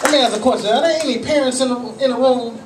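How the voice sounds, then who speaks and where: A male stand-up comedian telling profane, animated stories at a small cafe comedy night. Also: very high-pitched, rapid-fire, crowd noise. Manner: profane, animated storytelling with acted-out voices. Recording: echoey room, distant mic, faint noise.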